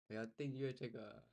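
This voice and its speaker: A woman following a lesson, quietly repeating words and muttering asides to herself. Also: a bass voice, creaky. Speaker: learner following along.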